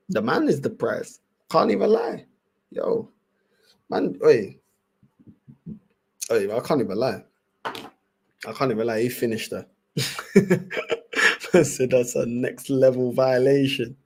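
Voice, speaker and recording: A young man with a London accent hosts a livestream and reacts to clips in loose, slang-heavy chat. He laughs often and circles back to the same phrases. His voice sits at an ordinary pitch for a man. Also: measured pace, long pauses, slightly rough. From England. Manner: animated, laughing, repetitive slang-heavy banter. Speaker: livestream host.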